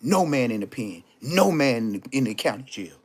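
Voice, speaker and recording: With big pitch swings and a slightly rough voice, a male livestream host delivers a heated, profane monologue taunting a rival. He moves at a moderate pace, shifting from low growls to high yelps.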